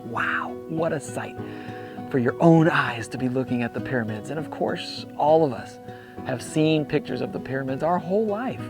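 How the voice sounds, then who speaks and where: A young man telling a story to a youth camp audience, animated and dropping to hushed whispers for awe. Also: mid-range voice, normal speed, over music. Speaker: youth speaker. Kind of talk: storytelling talk.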